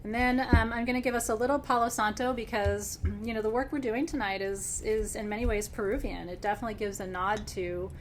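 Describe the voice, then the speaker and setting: A woman hosting a live-streamed spiritual class. She sounds excited and emotional, laughs often, clears her throat, and slows into reflective pauses as she guides a ceremony. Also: a little high, slight background noise. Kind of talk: live-streamed class, warm conversational teaching.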